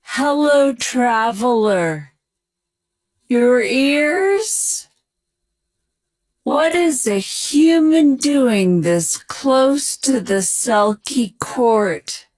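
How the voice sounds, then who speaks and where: A woman's voice: high voice, extremely slow, darkish tone, husky, exaggerated voice. A synthetic text-to-speech woman's voice voicing a wary female elf greeter of a fairy court, robotic yet emotive and questioning. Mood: suspicious. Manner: suspicious, questioning. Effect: AI voice-cloned text-to-speech.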